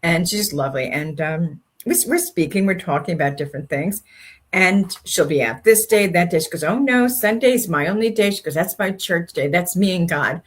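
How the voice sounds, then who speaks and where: Husky-voiced older woman telling stories. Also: fairly low pitch, normal speed. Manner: animated storyteller, acts out quoted speech. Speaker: co-host. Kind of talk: faith-based casual chat.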